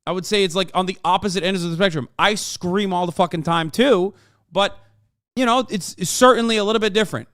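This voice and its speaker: Smooth-voiced man ranting on a live stream. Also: high-pitched, brisk, fairly bright tone, no echo, clean studio sound. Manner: profane, emphatic ranting with many fillers. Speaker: streamer reacting to a clip. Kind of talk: casual live-stream commentary.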